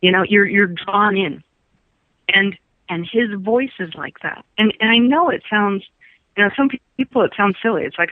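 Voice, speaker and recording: Calling into a radio studio for a psychic reading, a woman talks at normal speed in a mid-range voice without room sound. She comes across as emphatic and repetitive, laughing often, and the phone line is tinny.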